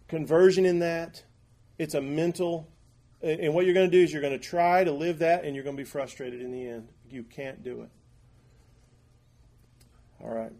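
A man teaching a Bible class in a conversational, folksy way, with halting restarts and asides. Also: on the high side, a little mellow.

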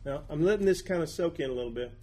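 A man teaching a Bible class in a conversational, folksy way, with halting restarts and asides. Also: a little high, expressive, a little mellow.

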